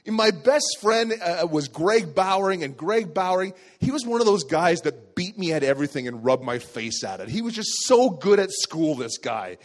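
A middle-aged man telling a lively personal story as a pastor in a sermon. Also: high voice, normal speed, few pauses. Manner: lively, animated storytelling with acted voices.

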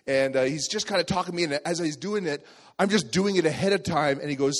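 A middle-aged man telling a lively personal story as a pastor in a sermon. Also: on the high side, fast. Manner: lively, animated storytelling with acted voices.

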